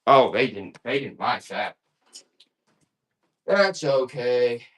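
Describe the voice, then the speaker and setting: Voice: mid-range voice, expressive, slow pace, breathy edge. A live online auction seller running a stream with playful, joking sales banter.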